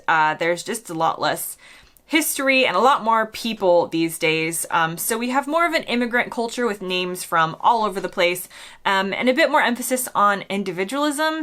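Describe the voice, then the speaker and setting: A bright-toned American woman in her thirties talks to camera in a casual vlog, her pitch jumping around a lot. She is chatty and quick to poke fun at herself. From United States. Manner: chatty, self-deprecating, often laughing at herself. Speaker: vlogger.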